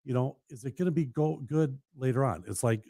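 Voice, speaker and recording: A man's voice: medium pitch, brisk, dark tone, no room sound. A man from Minnesota, a real estate agent co-hosting a radio show in a studio, talking in an easygoing, agreeable way and trailing off mid-thought. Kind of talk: casual studio chat.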